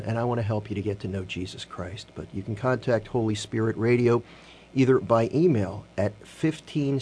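An earnest man from Philadelphia hosts Catholic radio from a studio, with a mid-range voice. He mixes talk with scripture, slowing down to read the passages softly.

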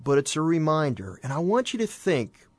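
A man's voice: fairly high pitch, very animated, moderate pace, a little mellow, no room sound. A man leads a conversational Bible teaching between songs, explaining scripture in plain everyday words. He leans on rhetorical questions and folksy asides. His voice sits close to the mic in a dry, dead-sounding space. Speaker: host and preacher.

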